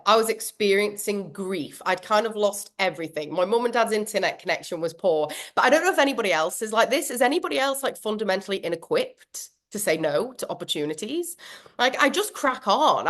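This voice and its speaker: A woman's voice: medium pitch, a bit bright. Woman, workshop trainer, casual self-deprecating delivery, frequent laughs, mid-range voice. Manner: chatty, self-mocking, laughs often. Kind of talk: online workshop talk.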